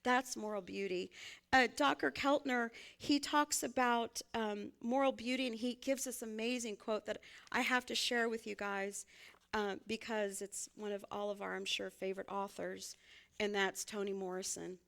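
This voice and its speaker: A woman's voice: mid-range voice, fairly even intonation, moderate pace, gravelly, fairly bright tone. A woman minister, giving a conversational, folksy sermon and laughing often as she speaks.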